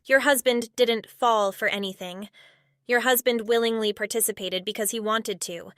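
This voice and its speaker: A woman's voice: on the high side, fairly even intonation, moderate pace, fairly bright tone, clear, resonant tone. A woman co-hosting a reaction show, sarcastic and biting with mock-dramatic delivery. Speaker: commentary co-host. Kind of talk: casual reaction commentary.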